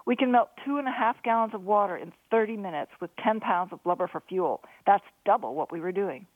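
A woman voicing a proud, energetic male tinkerer bristling with enthusiasm. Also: medium pitch, fairly quick, dry recording, close to an everyday voice. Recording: dry, phone-like narrow sound.

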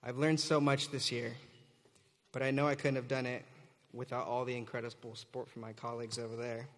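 A young man addresses a graduation ceremony from a podium, mixing teasing jokes with earnest thanks. His voice sits at an ordinary middle pitch. The sound carries the long reverb of a large hall. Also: level tone, fairly quick. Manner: joking, warm and earnest, leads audience cheer. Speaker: graduating student teacher giving commencement speech. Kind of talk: commencement speech. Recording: reverberant auditorium.

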